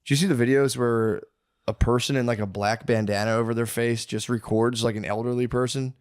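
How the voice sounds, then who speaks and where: A man's voice: medium pitch, steady tone, brisk, a little mellow, clear, resonant tone. A man co-hosting a comedy podcast, chatting casually in a rambling, crude way and acting out people he describes. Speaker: podcast co-host. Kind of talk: casual chat and read ad.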